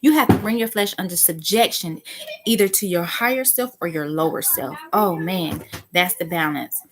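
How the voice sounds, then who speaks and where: A soft-spoken woman giving a reflective spiritual talk as a teacher. She thinks aloud with restarts and bursts into sudden excited exclamations. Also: fairly low pitch, normal speed, a little hiss or hum.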